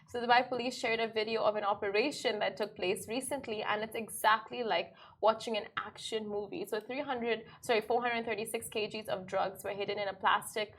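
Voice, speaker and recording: A woman co-hosting a show, chatting playfully and teasing, then reading the news. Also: on the high side. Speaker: show co-host. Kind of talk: casual chat and news reading.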